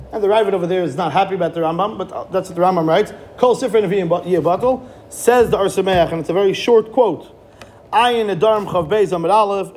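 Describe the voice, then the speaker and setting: A man giving a Torah class, animated, with rhetorical questions and frequent restarts. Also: high-pitched, slight background noise. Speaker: Torah teacher.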